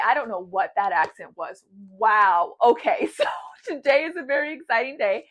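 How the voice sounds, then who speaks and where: A young woman vlogging a book unboxing, bubbly and gushing, squealing with excitement and then reading the jacket copy aloud. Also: fairly high pitch, moderate pace.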